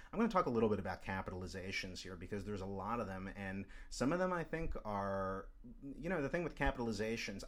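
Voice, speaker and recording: A man teaching screenwriting, talking through a script in a loose, stop-start way with fillers. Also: on the low side. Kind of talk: script analysis lecture.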